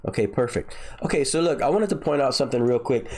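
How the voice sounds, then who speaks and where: A man's voice: mid-range voice, lively intonation, fast, darkish tone. A man hosting a casual crypto livestream, nasal and congested from a sinus infection, rambling and often repeating himself.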